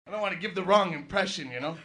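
A man doing a stand-up routine, telling a profane, rambling story with sudden shouted outbursts. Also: sits high, rapid-fire, soft background music. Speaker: stand-up comedian.

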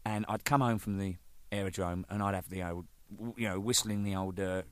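A man telling a band story in a casual, animated way, swearing and laughing as he goes. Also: deep voice, fairly quick, clear, resonant tone, no echo. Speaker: musician recounting band stories.

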